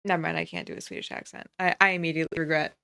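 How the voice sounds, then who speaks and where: A woman's voice: low-pitched, flat delivery, racing, creaky, bright, forceful tone, clear, resonant tone. Woman streamer riffing sarcastically on a doc, chatty and jokey. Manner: sarcastic, joking asides with laughs. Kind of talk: casual reaction commentary.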